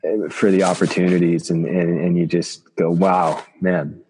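A man, a chiropractor from Canada, telling personal stories in an interview, halting and reflective with many restarts. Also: deep voice, flat delivery, warm tone, a little hiss or hum. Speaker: guest, chiropractor.

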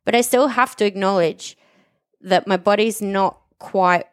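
A woman talks openly in a relaxed conversation, recounting her own story with feeling and candor. Her voice sits at an ordinary middle pitch. The sound is close and dry, with no room around it. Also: unhurried, dry recording. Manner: candid, emotional, storytelling. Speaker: gym member telling her recovery story. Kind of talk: casual podcast conversation.

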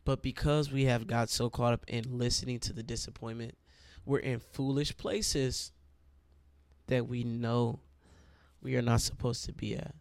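Gravelly-voiced preacher man. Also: mid-range voice, dry recording. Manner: conversational, addresses listeners as y'all. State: itchy throat. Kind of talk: sermon.

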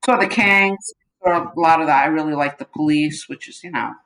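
A woman's voice: low voice, brisk, fairly bright tone, rough recording. A middle-aged woman chatting as a podcast guest, answering briefly in a laid-back way. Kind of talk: casual chat.

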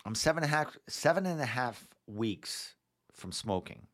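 Male podcast host, Rhode Island accent, bright, joking banter. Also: medium pitch, expressive, moderate pace. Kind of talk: casual chat.

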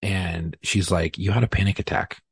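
A man's voice: sits low, fairly even intonation, normal speed, vocal fry, breathy edge. A man telling a personal story in a casual, rambling, profane way, often poking fun at himself. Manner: profane, rambling, self-deprecating. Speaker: podcast guest.

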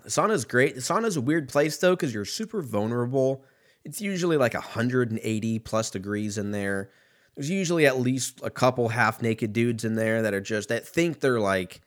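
A man in his thirties hosting a casual solo podcast, rambling and swearing freely as he riffs. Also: fairly low pitch. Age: 30s. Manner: rambling, profane, laid-back riffing. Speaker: podcast host.

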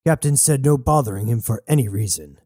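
A man voicing a sardonic male quartermaster, speaking briskly and wryly. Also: mid-range voice, animated, mellow, dry recording, clean studio sound, lightly acted. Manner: brisk, wry.

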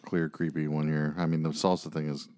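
A man's voice: a bass voice, flat delivery, a little fast, a little mellow. A man co-hosting a podcast, telling stories in casual chat with lots of fillers and jokey asides. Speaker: podcast co-host.

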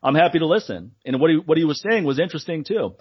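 A husky-voiced man talks loosely on a podcast, trading stories with his co-host. He laughs often, swears and slips into other people's voices when quoting them. The recording is a bit dull and lo-fi. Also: a little high, big pitch swings, fast talker. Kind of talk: casual podcast chat.

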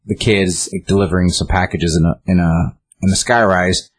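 Man, low and husky, casual rambling recap of a comic story. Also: steady tone, normal speed. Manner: rambling, many "like" fillers and restarts. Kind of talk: casual chat retelling a comic.

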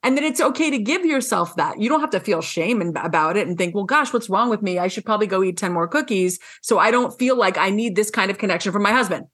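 A woman hosting an interview in a casual, chatty way. She is animated and emphatic and swears frankly. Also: medium pitch, fast, hardly any pauses. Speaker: podcast host.

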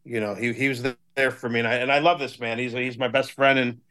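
A man's voice: mid-range voice, fairly even intonation, fast talker, bright, forceful tone. A man in his fifties from Cleveland, a guest on a podcast, telling stories bluntly with a lot of swearing. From Cleveland, USA. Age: 50s. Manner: blunt and heavily profane storytelling. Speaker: guest, hardcore band member. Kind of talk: casual podcast chat.

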